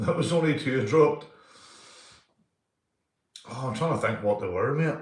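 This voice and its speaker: A middle-aged man with a Northern Irish accent rambles through true stories and shout-outs on a live stream from his home. He swears freely, breaks into laughter as he tells his tales and calls everyone "mate". His voice sits at an ordinary pitch and carries a roomy echo. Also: normal speed.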